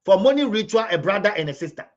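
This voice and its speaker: A man's voice: high voice, expressive, fast talker, muffled recording. A Ghanaian man giving impassioned live commentary, scolding and repeating phrases for emphasis. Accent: Ghanaian English. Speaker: livestream commentator.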